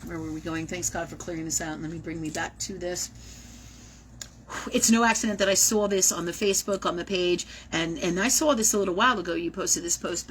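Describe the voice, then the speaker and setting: A woman's voice: on the low side, a little hiss or hum, poor audio. Chatty woman giving a live reading. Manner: chatty, animated, swears casually. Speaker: psychic medium.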